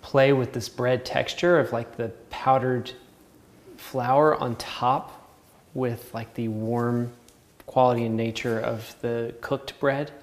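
A man's voice: medium pitch, fairly even intonation, slow. A man with a Southern American accent, a painting instructor chatting casually while he paints, rambling and laughing often.

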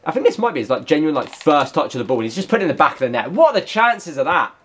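Male gaming YouTuber, high voice with lots of swing, excitable play-by-play. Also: fast talker, slightly rough. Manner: excitable, shouts at the game. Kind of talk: gameplay commentary.

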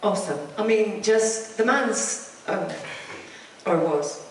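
A woman's voice: medium pitch, expressive, takes it slowly, a little hiss or hum. A Scottish-born woman with an estuary English accent tells cheerful stories as a guest on a convention panel. She is picked up from a distance in a very echoey hall, with faint room ambience underneath. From Scotland. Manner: bubbly, laughing anecdotes. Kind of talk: live panel storytelling.

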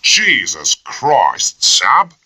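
A man's voice: low voice, very animated, normal speed, sharp tone, no echo, voice pushed up, full character voice. A man voicing a coarse, sarcastic and bullying first lieutenant who talks with peevish scorn. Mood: scornful.

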